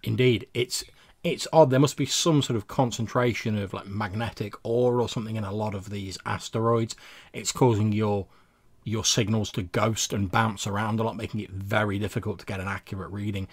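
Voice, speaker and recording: A man's voice: lowish voice, fairly even intonation, moderate pace, husky. A man narrating as game master of a tabletop game, describing scenes with loose fillers.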